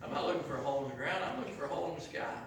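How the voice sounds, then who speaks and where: A man preaching an impassioned sermon in a church, swelling loud and dropping quiet. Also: mid-range voice, expressive, racing, background noise. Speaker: pastor. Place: church sanctuary. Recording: echoey church heard from a distance.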